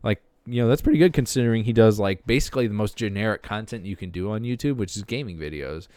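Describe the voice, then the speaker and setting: A man with a fairly low, smooth voice hosts a podcast and rambles casually. He talks in loose, unscripted commentary full of fillers and restarts. The sound is close and dry. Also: fast, darkish tone, no room sound. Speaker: podcast host. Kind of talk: casual commentary while browsing videos.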